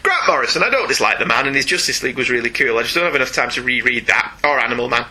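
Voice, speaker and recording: Guy reading out listener mail, bouncy pitch, really bright husky voice, joking around. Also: expressive, very fast, poor audio. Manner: playful, laughs often, reads mail aloud. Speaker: podcast co-host reading listener email. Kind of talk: casual chat.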